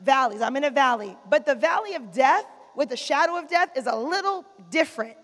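A woman preacher with a high voice delivers a sermon, drawing call-and-response from the congregation and repeating key lines. Her voice rings with the long reverb of a big church hall. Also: expressive, fairly quick, fairly bright tone.

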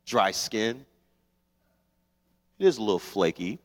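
A young man preaching a sermon as pastor, telling stories with lively, acted-out scenes. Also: fairly low pitch, slow pace. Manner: animated storytelling, acts out scenes. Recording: long hall reverb.

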